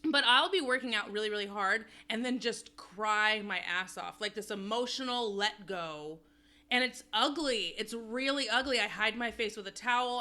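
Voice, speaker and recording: A woman's voice: mid-range voice, bright, forceful tone. A woman co-hosting a podcast, chatting candidly and rambling in a self-deprecating way. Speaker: podcast co-host. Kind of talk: casual chat.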